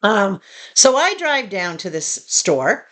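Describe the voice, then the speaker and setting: A woman vlogger telling a story casually to her viewers, in an animated, indignant way. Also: medium pitch, slow pace. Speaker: tiny home vlogger.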